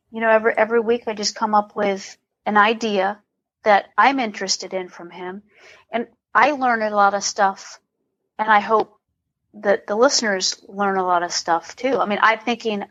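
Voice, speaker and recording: A woman's voice: medium pitch, fairly bright tone, lo-fi sound. A woman, a comedian guest on a podcast, talking in a rambling way with many restarts. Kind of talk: casual interview.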